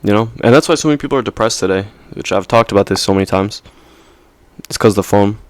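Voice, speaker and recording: A young male vlogger speaks quickly in a low-ish voice, recorded dry and close with no room sound. His casual monologue to camera rambles along, full of slang and self-interruptions like "like," "right?" and "you know?"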